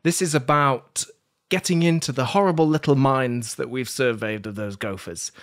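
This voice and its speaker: A man's voice: medium pitch, normal speed. A man hosting a podcast game show in a playful, jokey way. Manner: playful, jokey, self-mocking.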